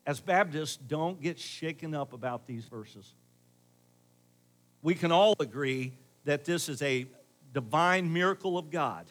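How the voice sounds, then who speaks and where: Brief: middle-aged man, pastor, a touch high-pitched, conversational sermon with loud pushes and soft asides. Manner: conversational, varying loud emphasis and quiet asides.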